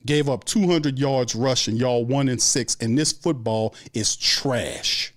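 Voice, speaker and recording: A man's voice: mid-range voice, takes it slowly. A man hosting a live sports stream, ranting angrily and profanely in a repetitive, heated rant. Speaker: sports show host.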